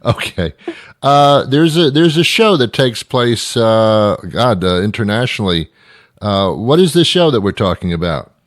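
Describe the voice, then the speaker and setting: A British man hosting a radio talk show, talking in an animated, mock-indignant, rambling way. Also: fairly low pitch, a little slow, no room sound, clean studio sound. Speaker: radio host. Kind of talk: comic talk radio monologue.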